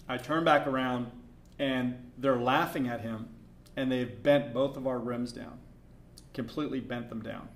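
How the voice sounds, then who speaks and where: Gravelly middle-aged man telling a story. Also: medium pitch, a little slow. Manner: animated storyteller, swings from hushed asides to loud. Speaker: podcast co-host. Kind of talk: casual storytelling.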